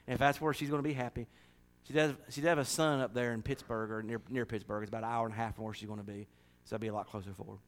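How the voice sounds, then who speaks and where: A man's voice: medium pitch, steady tone, rapid-fire, hardly any pauses. A man preaching and making church announcements in a folksy, joking, chatty way. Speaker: pastor.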